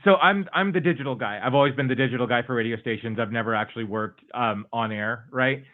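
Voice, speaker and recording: A man's voice: mid-range voice, fast. Easygoing man on a tinny line. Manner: easygoing, chuckles through anecdotes. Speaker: co-host. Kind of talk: casual chat.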